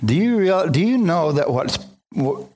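This man's sermon alternates between scripture reading and fervent commentary, full of restarted, repeated phrases and questions aimed at the congregation. He speaks unhurriedly in a fairly high, slightly mellow voice with big pitch swings, over background music and a little hiss or hum.

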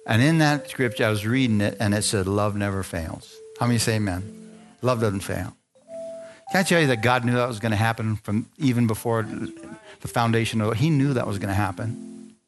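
A man's voice: fairly low pitch, moderate pace, soft background music. A man preaching, telling a personal story to a congregation and acting out the dialogue in it. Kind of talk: sermon testimony.

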